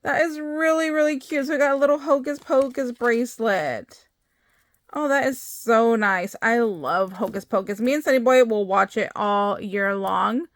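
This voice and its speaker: A middle-aged woman chatting excitedly as she opens craft mail, gushing over each item. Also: a little high, a little slow, no echo. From United States. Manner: gushing, excitable, many exclamations. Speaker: crafting vlogger opening happy mail. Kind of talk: casual chat.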